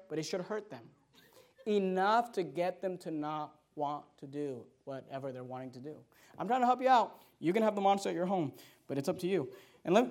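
High-voiced man preaching a forceful sermon. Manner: forceful preaching, swings between loud outbursts and quiet asides; repeats scripture references for the congregation. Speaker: pastor.

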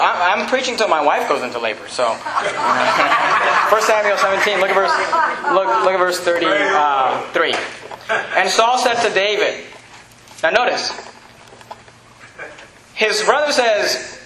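A young man preaching a sermon as pastor, emphatic and animated, often stumbling over repeated words. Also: high voice, normal speed. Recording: echoey room with faint noise.

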